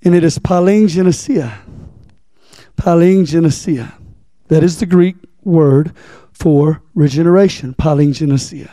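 A man preaches, teaching a Bible passage in a church with a folksy, repetitive style and questions for the congregation. His voice is high but mellow in tone. He talks slowly, and the sound is dry and close. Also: dry recording. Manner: folksy, repeats key words, asks the congregation.

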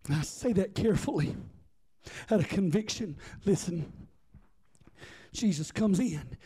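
A man's voice: high-pitched, lively intonation, unhurried, mellow, slightly rough. A man preaching a sermon with impassioned, rhythmic repetition.

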